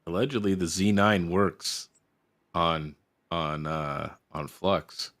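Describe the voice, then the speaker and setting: Slow-talking man with a bright voice. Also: sits low. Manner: slow talker, drawling. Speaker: livestream co-host. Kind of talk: casual chat.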